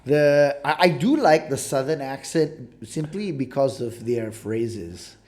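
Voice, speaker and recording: Guy co-hosting a podcast, rambly, keeps saying right and you know, mid-pitch. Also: lively intonation, slow pace, a little mellow. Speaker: podcast co-host. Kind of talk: casual chat.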